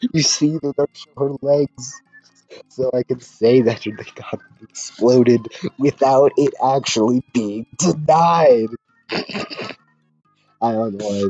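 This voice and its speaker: Husky, rambling man reading a comic. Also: mid-range voice, a little mellow, no echo, muffled recording. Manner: rambling, sarcastic, trailing off mid-thought. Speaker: comic reader and commentator. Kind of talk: casual commentary reading a fan comic aloud.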